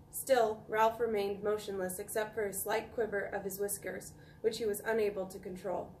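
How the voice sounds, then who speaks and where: A woman teacher reading a children's chapter book aloud with calm, expressive storytelling. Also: mid-range voice, moderate pace, few pauses. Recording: echoey room, distant mic, faint noise.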